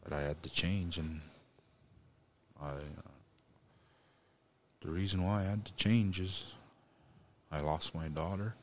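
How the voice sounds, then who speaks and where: A man recounting a personal story, halting and restarting often, speaking of God and blessing. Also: sits low. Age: adult parent. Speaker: guest.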